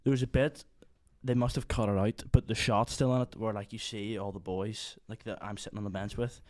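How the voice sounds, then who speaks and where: Young northern irish guy rambling thru a story, lowish voice, lots of "like", dry close sound. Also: fairly even intonation, brisk, a little mellow, no echo. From Northern Ireland. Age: young adult. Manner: rambling storyteller, lots of "like" fillers, acts out quotes. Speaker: podcast guest. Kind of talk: casual chat.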